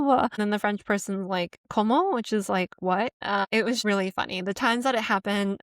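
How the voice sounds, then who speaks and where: A young American woman, soft-spoken and conversational, talking through her thoughts in a casual vlog from her apartment. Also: mid-range voice, clean tone, no room sound, clean studio sound. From United States. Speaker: vlogger. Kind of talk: casual reflective monologue. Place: apartment room.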